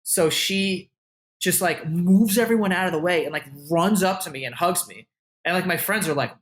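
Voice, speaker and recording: A man's voice: sits high, moderate pace, fairly bright tone. A man as an interview guest, telling a story in a casual, loose way, full of "like" and "you know", with a lot of swearing. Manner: acts out what others said with a raised voice. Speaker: interview guest, content creator.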